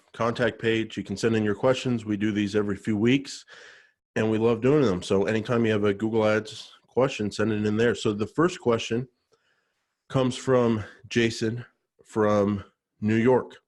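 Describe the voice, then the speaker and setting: A man's voice: on the low side, steady tone, normal speed, darkish tone. A man co-hosting a podcast, reading sponsor spots with energy and a salesy push, then reading listener questions. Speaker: podcast co-host. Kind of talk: podcast chat and sponsor read.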